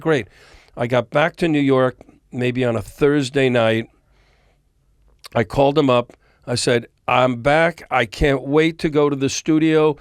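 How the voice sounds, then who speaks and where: A man with a mid-range voice, recorded dry at studio quality, shares stories as a podcast guest drawing on his years in the music industry. He's an animated storyteller who performs the quoted dialogue in this studio interview.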